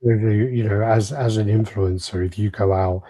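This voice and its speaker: A man's voice: fairly low pitch, steady tone, a little slow, dark tone, no echo. A man co-hosting a casual podcast who reasons aloud, often restarting and repeating words. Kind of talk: casual chat.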